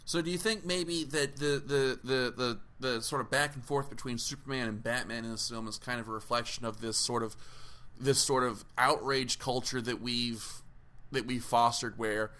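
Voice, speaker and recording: Bright-voiced man steering a podcast. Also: mid-range voice, fairly even intonation, moderate pace. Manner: steering, thoughtful, with fillers. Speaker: podcast host. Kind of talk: casual film discussion.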